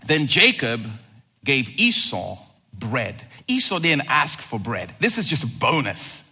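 A man preaching a sermon as pastor, animated, acting out quoted lines and swinging from loud to hushed. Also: medium pitch, breathy edge. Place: church sanctuary. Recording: long reverb of a large hall.

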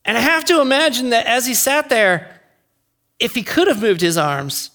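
A pastor delivering an earnest sermon, with emphatic swings in pitch and loudness. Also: very animated, normal speed.

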